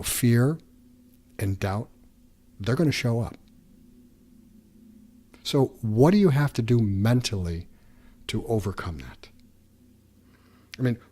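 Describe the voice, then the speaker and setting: A man's voice: medium pitch, dark tone. A man hosting a podcast, giving an earnest motivational pep talk and acting out the doubts in a listener's head. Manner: earnest coaching tone, voices inner doubts aloud. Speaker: podcast host.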